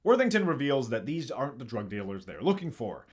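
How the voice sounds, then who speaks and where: A man's voice: medium pitch, big pitch swings, fairly quick, a little hiss or hum. A man hosting a comedic movie review, narrating the plot with sarcastic asides. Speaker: host.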